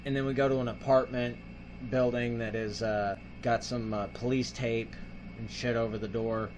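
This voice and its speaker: A man's voice: mid-range voice, level tone, moderate pace, background noise. A male host casually retelling a film's plot in a rambling, filler-heavy way, acting out the characters' lines. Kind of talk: casual film review.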